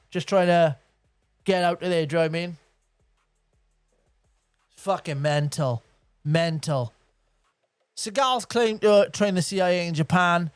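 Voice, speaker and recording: A man's voice: high-pitched, animated, measured pace, long pauses, clear, resonant tone, dry recording. A young man hosting a comedy show, telling a sweary, mocking story and acting out both sides of the conversation. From Wales. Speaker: comedy podcast host. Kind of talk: comic storytelling rant.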